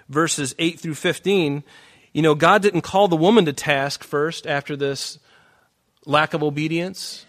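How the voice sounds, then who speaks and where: A male preacher delivering a sermon in an emphatic, repetitive way. He walks his listeners verse by verse through scripture, stressing phrases by saying them again. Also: a little high. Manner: emphatic, repeats key phrases.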